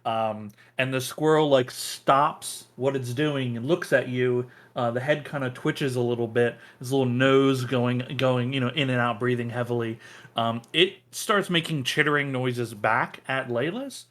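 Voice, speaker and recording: Slow, hesitant young man as game master. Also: mid-range voice, a bit bright. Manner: hesitant, full of ums and likes. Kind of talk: narrating a tabletop game.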